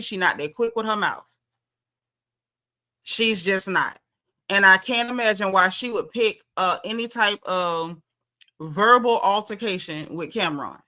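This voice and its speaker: A woman's voice: medium pitch, pushed and bright. A woman with a Southern US accent hosting a casual livestream, talking bluntly and sassily while reading out viewer comments. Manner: sassy, blunt, chatty with dialect. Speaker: livestream host.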